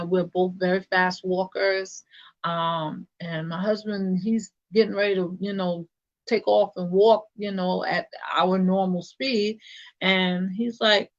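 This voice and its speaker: A woman who serves as a church deacon tells a personal story, pausing often and circling back with fillers and restarts. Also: mid-range voice, lo-fi sound. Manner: halting, with many fillers and restarts.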